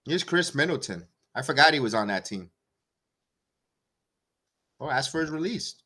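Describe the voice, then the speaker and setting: A man with a bright, fairly high voice calls a basketball game live for fellow fans. He reads out scores and plays in short bursts and swings between dry sarcasm and heated complaints about the coaching. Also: normal speed, husky. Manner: excitable, sarcastic, rants at the coach. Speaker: watch-along play-by-play host. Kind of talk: live fan play-by-play commentary.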